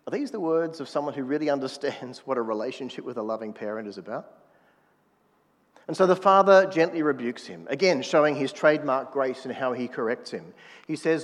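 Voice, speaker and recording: A man's voice: mid-range voice, animated, moderate pace, in a large hall. A man preaching a sermon in a conversational manner, prodding the congregation to answer back. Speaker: pastor.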